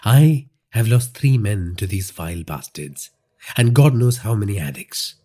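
A man's voice: fairly low pitch, sing-song, unhurried, mellow, husky, exaggerated voice. A man reading a crime audio story and voicing a stern middle-aged pastor who speaks in an emphatic, preaching way.

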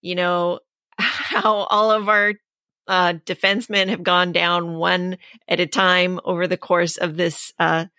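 Bright-toned woman in sports chat. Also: fairly low pitch, little pitch movement, no echo. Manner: measured, filler-heavy, agreeable. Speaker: podcast co-host.

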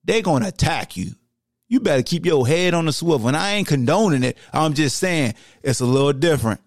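A sports podcast host launches into a heated, slangy rant, animated and brisk. His slightly high voice swings widely up and down as he gets worked up, recorded close and dry without room echo.

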